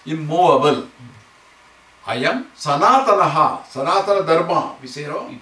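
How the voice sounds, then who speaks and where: A man teaching a scripture class, explaining Sanskrit verses word by word and chanting lines slowly. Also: a little high, expressive, bright, forceful tone. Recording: echoey room, mic far off, faint noise.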